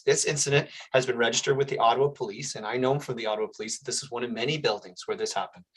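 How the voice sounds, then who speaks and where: A man moderates a town hall meeting held over a video call. His voice sits at a middle pitch. He speaks earnestly and steadily, sprinkling in "uh" as he reads out comments from the audience. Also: fairly bright tone, breathy edge. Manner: earnest, measured, with filler "uh". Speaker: town hall host, politician.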